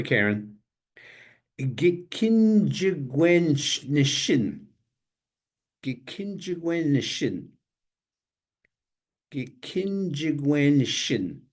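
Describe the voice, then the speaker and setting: An older man teaching a language class over a video call, saying each word slowly several times and spelling it out letter by letter. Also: medium pitch, very animated. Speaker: language instructor. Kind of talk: online language lesson.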